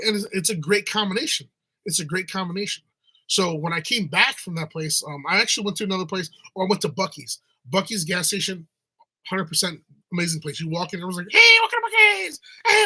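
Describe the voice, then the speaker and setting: A man's voice: high voice, pushed and bright, husky, rough recording. A middle-aged restaurant owner rambling through a casual story, often restarting his sentences and acting out other people's voices.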